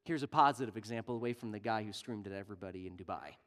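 A man preaching a sermon earnestly, dropping to near-quiet and rising loud for emphasis. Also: lowish voice, very fast.

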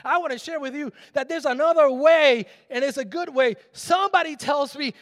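A middle-aged man pastor preaching a sermon, swinging from loud shouted declarations to quiet asides and calling on the congregation to answer back. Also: very high voice, normal speed. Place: large church sanctuary. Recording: long hall reverb in a church.

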